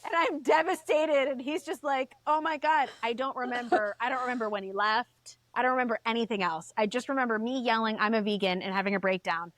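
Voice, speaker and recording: A woman guest on a podcast, telling a story in casual chat, animated, swearing and acting out the voices she quotes. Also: fairly high pitch, fast talker, few pauses, dry recording.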